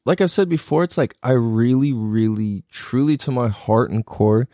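A man's voice: fairly low pitch, warm tone, no room sound. Man, casual reflective monologue, loose profane chatter, lots of fillers, dry close sound. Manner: loose and profane, heavy with fillers like "like" and "you know".

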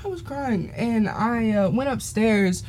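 A man's voice: high-pitched, expressive, unhurried, a little mellow, slight background noise. Rambling teen guy telling a story. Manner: rambling, laughs often, goes off on tangents. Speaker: podcast host. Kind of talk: casual storytelling chat.

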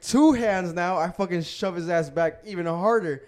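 A young man chats on his podcast in loose, profane slang. He tells stories casually with plenty of filler. His voice sits a little high for a man. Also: fairly quick, a little mellow. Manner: loose storytelling, heavy slang and swearing. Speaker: podcast host. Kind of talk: casual chat.

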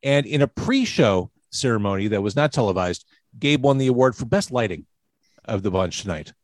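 Lively joking male host. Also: lowish voice, normal speed, no echo. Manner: jokey, lively introductions. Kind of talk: casual interview. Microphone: video call.

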